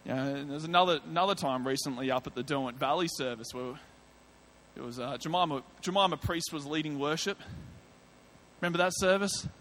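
An Australian man preaching from the pulpit, slipping into a story about his own past. His voice sits a little higher than most men's, and he acts out what he thought and said with lively, vivid delivery. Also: fairly quick, a little hiss or hum. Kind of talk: sermon testimony.

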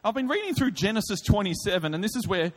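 A man preaching a sermon, telling a comic story in an animated way with quick asides. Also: high voice. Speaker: pastor. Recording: reverberant hall.

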